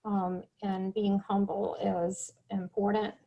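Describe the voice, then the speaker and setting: A woman hosting a relaxed interview, talking freely with lots of asides and quick turns of thought. Her voice sits at an ordinary middle pitch. She keeps the conversation lively and personal. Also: muffled recording. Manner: animated, chatty, many asides. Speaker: show host. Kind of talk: casual interview chat.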